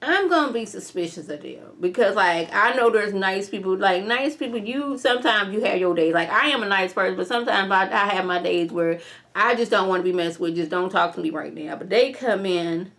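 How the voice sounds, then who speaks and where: A woman's voice: mid-range voice, brisk, fairly bright tone. A young woman casually recapping and reviewing a TV episode in an opinionated, slangy way. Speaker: TV show reviewer.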